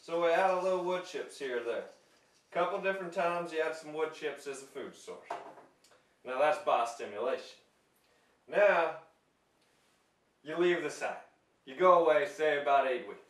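A man's voice: on the high side, expressive, moderate pace, long pauses, close to an everyday voice. A young man playing a cheerful, homespun male mushroom scientist with a folksy drawl in an amateur comedy skit. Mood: folksy chipper. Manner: folksy drawl, dropped g's, corny jokes. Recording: roomy echo from a distance.

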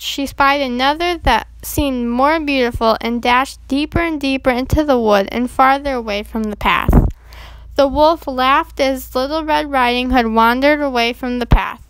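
Female storybook reader, gentle and measured, high-pitched, dry studio sound. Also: smooth, no echo. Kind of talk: reading a children's storybook aloud.

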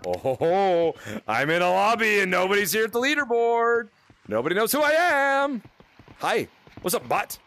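A man hosting a live fan event while playing a VR game, chatting excitably and restarting his sentences through a headset mic. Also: sits high, no echo. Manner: excitable, rapid, restarts often. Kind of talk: casual live gameplay chat.

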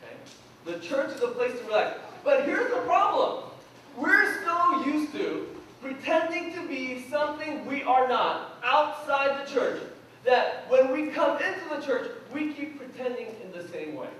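High-voiced pastor in echoey church. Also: male voice, sing-song, measured pace, bright, forceful tone, slight background noise. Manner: conversational, asks the congregation questions; humorous personal anecdotes. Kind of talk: sermon. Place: church sanctuary. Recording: echoey church hall from far off.

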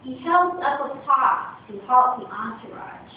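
Woman reading a story, wry and expressive. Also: sits high, unhurried, few pauses, a little hiss or hum. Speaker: speech contest reader. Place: club meeting room. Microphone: distant phone camera. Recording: echoey room from far, dull lo-fi.

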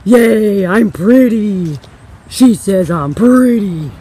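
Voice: medium pitch, expressive, extremely slow, dark tone, poor audio. Cast: someone putting on a jumpy, breathless animatronic bunny, shrieking for pizza over traffic noise. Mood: giddy. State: out of breath from walking. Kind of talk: comedic role-play vlog.

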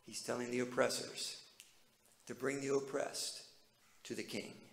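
A man's voice: medium pitch, level tone, unhurried, vocal fry, reverberant, a little hiss or hum, poor audio. A male pastor preaching a sermon in a conversational way, often asking his listeners questions.

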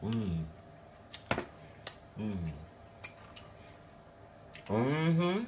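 A man's voice: a little high, lively intonation, unhurried, pauses often, bright, forceful tone, a little hiss or hum. A man hosting a mukbang vlog, chatting casually to viewers while eating, calling them y'all and honey, with frequent mm sounds between bites. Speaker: mukbang vlogger.

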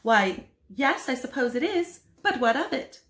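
A woman's voice: high-pitched, very animated, a little slow, fairly bright tone, full character voice. A woman voicing a fussy, practical middle-aged housewife in a storybook reading, speaking in a scolding, exclamatory way. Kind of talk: storybook read-aloud. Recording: echoey room.

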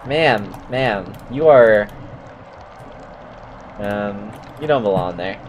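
A man giving goofy, excitable commentary while playing a horror video game, yelping at the scares. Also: fairly low pitch, extremely slow, slight background noise. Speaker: let's play gamer. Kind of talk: casual gaming commentary.

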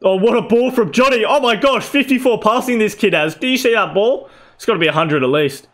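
A young man with a fairly high voice talks through his football video game match. He shouts at players, swears freely and keeps calling the viewers "boys". His talk jumps between calm play-by-play and loud yelling. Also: a little fast. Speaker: gaming YouTuber. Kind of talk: excited gameplay commentary.

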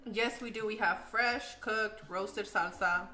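A woman's voice: medium pitch, slow, bright, forceful tone. A woman hosting a cooking video, chatting playfully with viewers as she cooks and eats. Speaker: cooking channel host. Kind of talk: casual cooking chat and instruction.

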